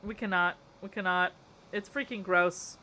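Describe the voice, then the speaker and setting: Young female streamer, bright tone, casual chat, quick exasperated reactions. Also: on the low side, slight background noise. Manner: playful, exasperated, reacting to chat with frequent laughter. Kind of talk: casual live-stream chat while building in a game.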